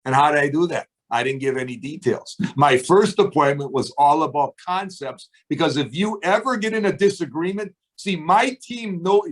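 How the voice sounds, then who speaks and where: A man's voice: high-pitched, fairly bright tone. A middle-aged man leading a sales team on a video call, giving an emphatic, preachy motivational talk and asking his listeners questions.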